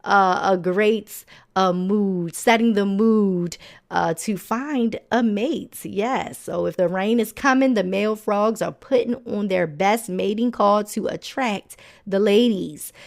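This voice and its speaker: A woman hosts a nature podcast in a casual, chatty way, laughing often. She drifts into sassy, colloquial asides between facts. Her pitch sits in a plain middle range for a woman. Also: gravelly. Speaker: podcast host.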